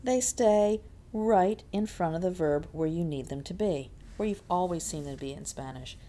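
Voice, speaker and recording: A woman's voice: on the low side, moderate pace, mellow. A woman teaching a Spanish lesson, patiently repeating words to model their stress. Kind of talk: classroom lesson explanation.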